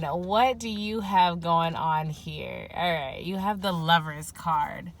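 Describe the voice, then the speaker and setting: A woman's voice: low voice, expressive, a little slow, few pauses. A woman giving a casual spoken tarot reading, rambling and giggly, full of fillers. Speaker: tarot reader.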